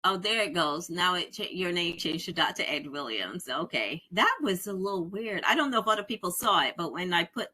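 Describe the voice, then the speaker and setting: A woman's voice: on the low side, lively intonation, fairly quick, hardly any pauses, pushed and bright, husky. A woman chairing a community committee meeting over a video call, welcoming members by name in a friendly way. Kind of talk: online meeting roll call.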